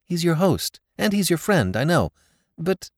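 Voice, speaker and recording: A man voicing a gentle, frightened young woman in a storybook reading, speaking softly and pleadingly. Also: fairly high pitch, very animated, a little slow, no room sound, studio quality, voice pushed up, heavily acted.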